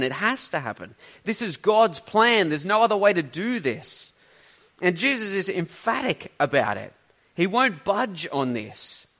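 Lively, earnest male preacher. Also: a little high. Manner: earnest, conversational teaching with rhetorical questions. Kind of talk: sermon.

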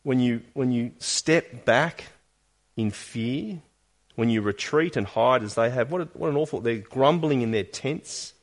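Male pastor mid-sermon: earnest, probing questions, emphatic peaks and soft asides. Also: medium pitch, measured pace. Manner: earnest, questioning, with emphatic rises and quiet drops.

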